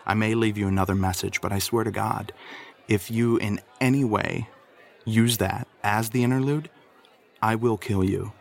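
A man leaving a rambling, comedic voice message for a podcast, flustered and jumping into a higher voice when he gets worked up. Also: steady tone, moderate pace, vocal fry.

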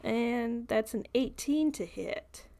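A woman's voice: on the high side, slow, gravelly, mellow. A woman narrating a tabletop game as game master, rambling with many fillers and laughing often.

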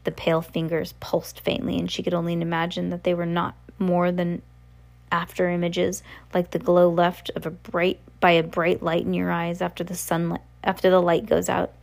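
A woman's voice: lowish voice, completely flat delivery, normal speed, creaky, darkish tone. A woman reading a novel aloud in a casual, unpolished way, correcting herself as she goes. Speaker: reader.

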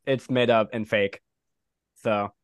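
A man at a tabletop game who throws in blunt wisecracks. His voice is mid-pitched, recorded dry and close. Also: fairly even intonation, takes it slowly, clear, resonant tone, no room sound. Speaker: player.

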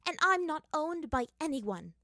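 A woman's voice: sits high, sing-song, a little slow, sharp tone, dry recording, clean studio sound, pitched above the performer's own voice, exaggerated voice. A woman voicing a fierce, hot-tempered teenage girl who scolds sharply, in a fan fiction reading. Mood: scolding. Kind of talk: fan fiction read aloud.

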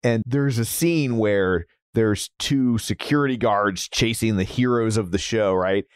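A low-voiced American man co-hosts a podcast and tells stories in an easygoing way. His voice sounds close and dry, with no room echo. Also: smooth. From United States. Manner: easygoing, storytelling, quick to laugh. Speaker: podcast co-host. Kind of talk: casual podcast interview.

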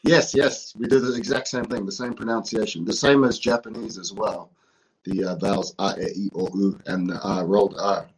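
Husky, low-voiced New man. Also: fairly even intonation, normal speed, rough recording. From New Zealand. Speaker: guest, professional wrestler. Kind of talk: casual interview talk.

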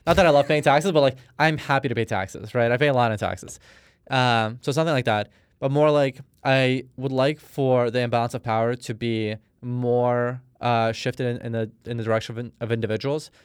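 A man's voice: mid-range voice, fairly even intonation, normal speed, smooth, dry recording, studio quality. A man in his thirties from Russia, a podcast guest telling a personal story in a rambling, casual way with many fillers. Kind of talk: casual interview talk.

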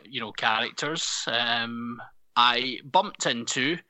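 A man's voice: mid-range voice, slow, bright, forceful tone, no echo. A man co-hosting a podcast in casual chat, teasing and wry. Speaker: podcast co-host.

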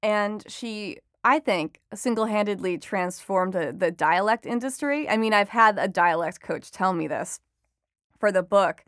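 A woman's voice: medium pitch, measured pace, a bit bright, no room sound. Woman chatty reporter guest, laughs easily, lots of ums, close dry mic. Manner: chatty, laughs often, many fillers. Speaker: entertainment reporter and author. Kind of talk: conversational interview answers.

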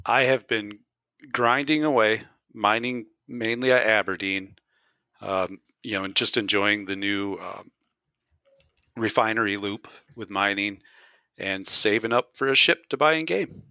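A man's voice: lowish voice, unhurried, pushed and bright, dry recording. A man joining a gaming podcast as a guest, speaking modestly with fillers and restarts. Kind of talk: casual podcast chat.

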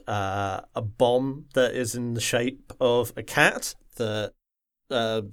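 A man from the Wirral in England, chatting casually about a game on a podcast and rambling with lots of pauses and filler sounds. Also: medium pitch, a bit bright, smooth. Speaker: podcast co-host.

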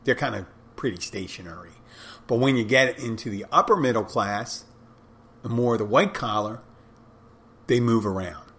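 A man's voice: fairly low pitch, moderate pace, pauses often, a bit bright. A man hosting a podcast, talking on his own in a rambling, conversational way and often correcting himself mid-sentence. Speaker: podcast host. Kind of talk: casual solo podcast monologue.

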